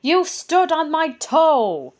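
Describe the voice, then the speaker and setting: A woman doing gruff, rude quarreling goblins. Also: a little high, lively intonation, takes it slowly. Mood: cross, squabbling. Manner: gruff, snapping, shouting.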